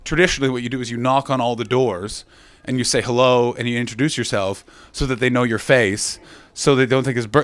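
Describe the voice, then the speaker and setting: A man's voice: mid-range voice, fairly even intonation, fairly quick, few pauses, fairly bright tone, dry recording. A man from Canada doing stand-up crowd work, brash and teasing, swearing freely, on a handheld mic. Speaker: stand-up comedian. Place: comedy club stage.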